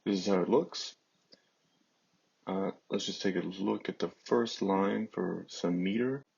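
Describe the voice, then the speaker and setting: A man teaching a classics lesson, speaking slowly and haltingly over on-screen text, with many fillers. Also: deep voice, fairly even intonation, creaky, darkish tone, breathy edge, lo-fi sound.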